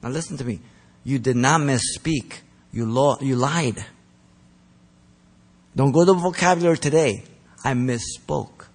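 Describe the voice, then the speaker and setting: A man preaching a sermon, earnest and emphatic, pressing his points hard and then dropping soft. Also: mid-range voice, normal speed, long pauses. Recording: long reverb of a large hall.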